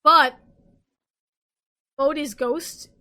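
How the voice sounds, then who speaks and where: High, bright-voiced tipsy woman. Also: extremely slow. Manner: excitable, swearing, rambling. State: drunk. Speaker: podcast host. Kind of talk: casual recap chat.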